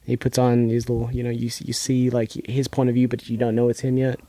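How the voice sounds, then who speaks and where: A man's voice: mid-range voice, monotone, a little fast, warm tone, no room sound. A young man co-hosting a podcast, casually recapping a TV episode in a rambling way, restarting often and leaning on filler words. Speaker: podcast co-host.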